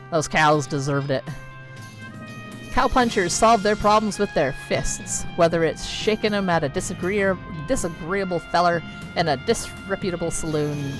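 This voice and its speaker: A woman streaming a video game, reading its text aloud with playful, wry asides in casual commentary. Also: low-pitched. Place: home streaming setup. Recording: game music playing behind the voice.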